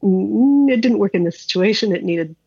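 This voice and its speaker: A woman with a husky, slightly breathy voice tells a personal story in an interview, casual and candid, often restarting and dropping in "like." The recording is dry and a bit dull, as if the highs were rolled off. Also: expressive, moderate pace, mellow, no echo. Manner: candid, conversational, frequent "like" and restarts.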